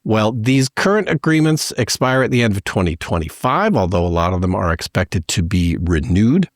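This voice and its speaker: A Canadian man co-hosting a podcast, talking through news stories in a relaxed way with plenty of fillers. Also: fairly low pitch, moderate pace, no room sound, studio quality. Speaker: podcast co-host. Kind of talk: casual news discussion.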